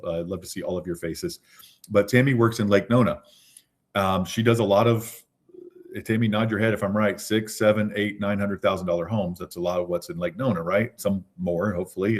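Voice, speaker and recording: A man leading an online real estate training session, talking casually and often checking in with "right?". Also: lowish voice. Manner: chatty, repeats "right?".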